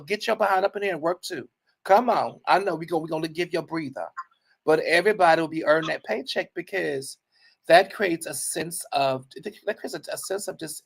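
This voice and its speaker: A man's voice: fairly high pitch, gravelly, breathy edge. A man hosting a casual chat, sassy and teasing, talking animatedly with lots of back-and-forth. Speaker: host.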